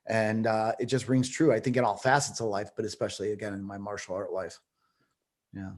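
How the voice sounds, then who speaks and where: A man's voice: on the low side, fairly even intonation, a little fast, a little mellow. A man, a martial arts instructor, talking casually in a group conversation, restarting his sentences as he thinks aloud. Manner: rambling, repeats words while thinking aloud.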